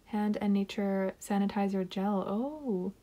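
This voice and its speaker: A woman vlogger opening mail and chatting casually, gushing with excitement and gasping over each item. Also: mid-range voice, a little slow. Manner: gushing, excited, with gasps and soft asides. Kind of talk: casual unboxing chat.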